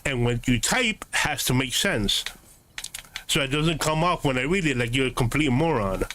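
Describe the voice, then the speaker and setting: A man's voice: medium pitch, lively intonation, moderate pace, pushed and bright, slight background noise. A man streaming a game, answering his live chat in a combative, sarcastic, lecturing way.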